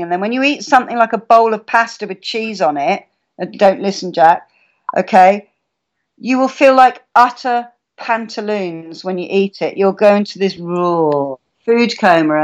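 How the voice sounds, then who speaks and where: A woman talks in a chatty, storytelling way and slips into little acted-out voices of her own reactions. Her voice sits at an ordinary middle pitch for a woman. The audio is slightly muffled and lo-fi. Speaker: guest speaker. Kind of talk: casual live-stream chat.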